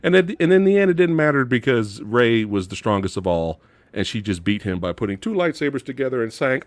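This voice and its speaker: Man, casual movie review chat, animated ranting, lively pitch, dry close sound. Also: fairly quick, no echo. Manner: animated ranting, mocking impressions. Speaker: podcast co-host.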